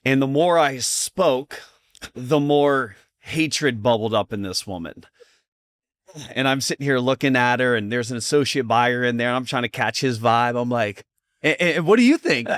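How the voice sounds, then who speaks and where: A man from the US East Coast, a podcast guest telling a story in a blunt, animated way and acting out the dialogue. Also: mid-range voice, moderate pace, clear, resonant tone, no room sound, clean studio sound. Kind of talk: casual storytelling chat.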